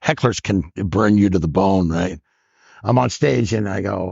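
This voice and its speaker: A man in his sixties, a comedian, telling lively stories on a podcast and acting out the lines of other people. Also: deep voice, measured pace, creaky, slightly rough, no echo. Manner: animated storyteller who acts out other people's lines. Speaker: guest comedian. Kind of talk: storytelling interview. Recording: dull lo-fi podcast audio.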